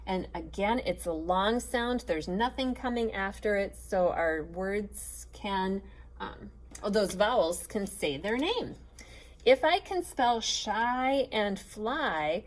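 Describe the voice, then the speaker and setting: A woman leads a phonics lesson for young children, spelling words letter by letter and praising each answer. She talks slowly and unhurriedly, in a voice of middling pitch. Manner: patient, encouraging, sounds out letters slowly. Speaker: teacher.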